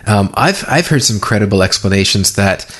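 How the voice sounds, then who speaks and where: Male podcast host, lower voice, relaxed rambling chat. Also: normal speed. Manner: loose, rambling, with many fillers. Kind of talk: casual conversation.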